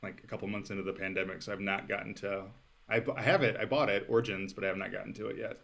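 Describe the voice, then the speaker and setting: A man's voice: fairly low pitch, steady tone, very fast, creaky, a bit bright. A man chatting casually as a podcast guest, laid-back and wry. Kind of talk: casual chat.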